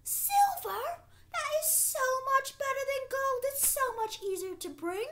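A thrilled old village woman from a storybook tale squeals her exclamations in a voice pitched far above ordinary speech, as a woman storyteller puts her on. She stays endlessly cheerful and gleeful, and everything comes out loud and bright. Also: big pitch swings, a little slow, exaggerated voice. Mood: delighted. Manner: high, squealing delighted exclamations. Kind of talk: storytelling performance.

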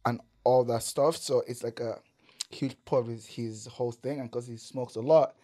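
A man's voice: medium pitch, normal speed. A man from Canada telling a wild story as a podcast guest, swearing, laughing and filling his talk with "like". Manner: animated, swearing, laughing storyteller with many "like" fillers. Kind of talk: casual storytelling.

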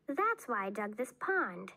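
A woman's voice: mid-range voice, very animated, measured pace, vocal fry, bright, forceful tone, heavily acted. A woman reading aloud, voicing a serious young girl who plays at being a witch, earnest and a bit bossy.

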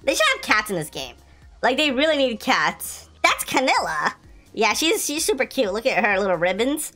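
Excitable high-voiced woman gaming. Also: moderate pace, faint music behind. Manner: excitable, laughing, playful. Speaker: gaming video host. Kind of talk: casual gameplay commentary.

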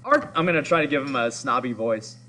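A man's voice: medium pitch, expressive, a little fast, sharp tone, poor audio. Male teacher, casual lesson, explains and thinks aloud, faint hum. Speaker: English teacher. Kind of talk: recorded class lesson.

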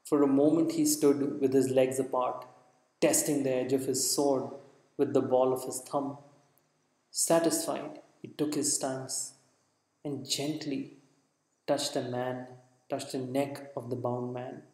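A man reading dramatic narration at a measured pace, with occasional slips and restarts. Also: mid-range voice, little pitch movement, warm tone. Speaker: audiobook narrator. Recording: echoey reverberant room.

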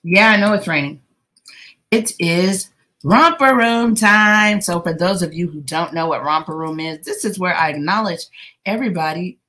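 While crocheting on a casual craft livestream, a woman greets her viewers one by one by name and teases them playfully with laughter. Her voice is low-pitched, fairly bright, and a little fast.

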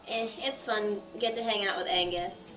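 A woman's voice: medium pitch, steady tone, normal speed, background noise. Woman, co-player, joking, reads dialogue, echoey room, far from the mic. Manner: joking, reads character lines. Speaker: co-player, sister. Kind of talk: casual game playthrough. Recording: roomy, distant mic with game music.

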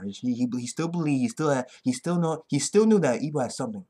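Husky guy with a wildly swinging pitch, excitable reaction-vlog host, curses and yells. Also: fast talker, hardly any pauses. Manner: excitable, profane, bursts into yelling. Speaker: anime reaction vlogger. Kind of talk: hyped casual recap.

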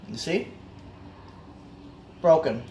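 A man's voice: a little high, lively intonation, drawn-out words, mellow, echoey room, a little hiss or hum. A man ranting in a casual vlog, frustrated and repetitive, swearing often. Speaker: car owner vlogger.

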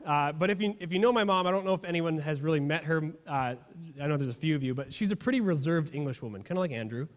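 Young guy pastor, kinda high voice, chatty funny sermon, big church echo. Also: quick pace. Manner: casual storytelling with humor. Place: church sanctuary. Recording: long hall reverb.

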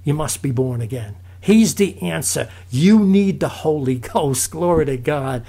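A man's voice: on the high side, unhurried, hardly any pauses, warm tone. A man giving a fervent preaching testimony, calling his listeners "folks" again and again. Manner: fervent, repeats "folks" often.

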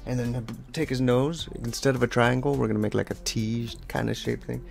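Talking while he draws, this man runs a laid-back draw-along lesson full of playful rambling and jokes at his own expense. His mid-range voice is steady, brisk and gravelly, with faint music behind it.

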